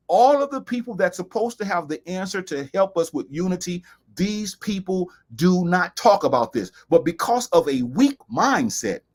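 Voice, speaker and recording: A man's voice: sits high, slightly rough. Emphatic preaching-style male talk host. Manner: emphatic, quotes sayings, repeats phrases for stress.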